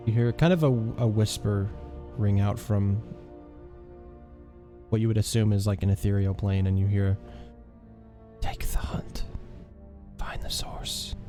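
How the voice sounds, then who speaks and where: A man's voice: on the low side, fairly even intonation, moderate pace, warm tone, faint music behind. A man narrating as game master of a tabletop game, talking loosely with lots of filler words and restarts.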